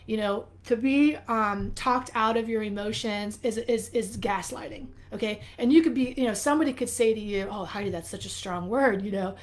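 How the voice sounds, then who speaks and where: A woman's voice: on the high side, moderate pace, few pauses. A woman hosting a live video, talking candidly and animatedly to her viewers, her voice a little worn, as though she is losing it. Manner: candid, animated, swears casually. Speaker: life coach host. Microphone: phone or webcam, live stream.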